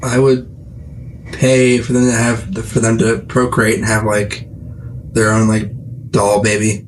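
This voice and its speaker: A man's voice: lowish voice, monotone, a little slow, a little hiss or hum, low-quality recording. A young man co-hosting a podcast in casual chat, joking and teasing and often laughing. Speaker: podcast co-host.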